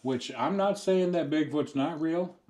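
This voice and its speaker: A man's voice: a little high, unhurried, mellow. A man co-hosting a casual chat, telling anecdotes in a laid-back, easygoing way. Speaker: co-host.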